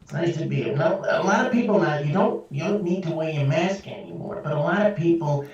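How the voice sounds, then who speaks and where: A man's voice: fairly high pitch, a little fast, slight background noise, lightly acted. A man doing a mock-serious impression of a self-important male doctor who insists he is a scientist, in an echoey, distant, dull recording. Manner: insists on being serious, rambling explanations.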